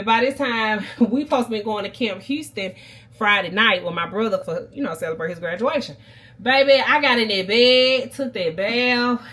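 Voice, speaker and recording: A young woman, telling a long casual story to her viewers and addressing them warmly as baby and y'all. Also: medium pitch. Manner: chatty, animated storyteller who keeps calling the viewers "baby" and "y'all". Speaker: vlogger.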